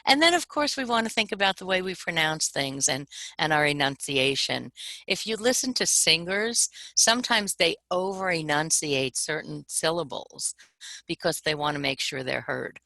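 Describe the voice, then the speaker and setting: Low gravelly bright-toned woman presenter. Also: expressive, moderate pace, no room sound, poor audio. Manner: demonstrative, acts out voice examples. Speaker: workshop co-presenter. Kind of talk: webinar presentation.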